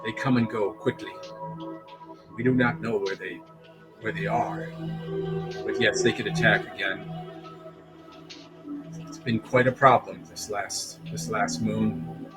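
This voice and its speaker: Guy doing a tired grim villager man, solemn and halting, music in the back. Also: on the low side, steady tone. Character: grim weary male villager, grown man. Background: background music.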